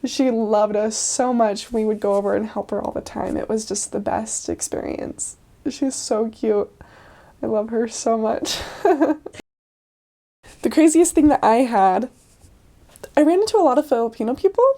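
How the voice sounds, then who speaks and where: A woman's voice: a little high, moderate pace, warm tone. A young adult woman, a returned missionary, casually telling stories in a chatty way, full of "like" and laughs. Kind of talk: casual storytelling interview.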